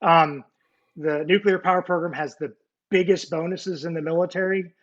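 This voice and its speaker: A man's voice: a little high, steady tone, moderate pace. Rambling nerdy man on a muffled call. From United States. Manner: rambling, many fillers and restarts; nerdy, self-deprecating. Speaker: guest, former Navy nuclear technician. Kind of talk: casual interview storytelling. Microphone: video call. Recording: muffled video call audio.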